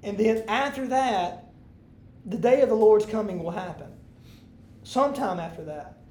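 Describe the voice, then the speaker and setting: A woman's voice: mid-range voice, expressive, moderate pace, darkish tone. A woman leading a Bible study, reading scripture aloud with emphasis and then explaining it in loose, casual talk to a room of listeners.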